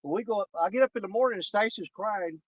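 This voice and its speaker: A man telling animated, indignant stories in casual chat. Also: high voice, fast talker, no room sound. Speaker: angler co-host. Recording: dull lo-fi recording.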